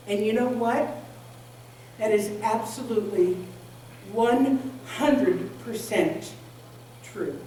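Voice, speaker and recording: A woman's voice: a little high, takes it slowly, a little hiss or hum. A woman giving a humorous sermon to a congregation in a large hall, telling jokes and stories. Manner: lively, joking storyteller. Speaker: minister. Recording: echoey hall, distant mic.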